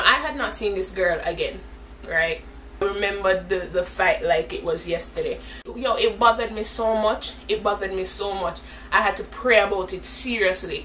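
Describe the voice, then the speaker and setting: A woman's voice: mid-range voice, distant mic, a little hiss or hum, low-quality recording. A young woman telling a story in a chatty vlog, acting out the lines of the people in it. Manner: animated, chatty storytelling with voiced-out quotes. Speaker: vlogger.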